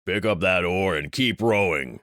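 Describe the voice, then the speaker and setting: A man's voice: low-pitched, a little slow, fairly bright tone, dry recording, clean studio sound. A man voicing a hulking, furious mercenary leader with a Finnish accent, in clipped, growling military radio talk. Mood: barking.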